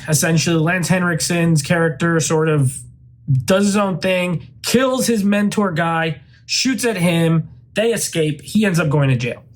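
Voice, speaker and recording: A man hosting his own channel, giving a loose, rambling spoken movie review full of "like" and "uh" fillers. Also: a little high. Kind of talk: casual spoken film review.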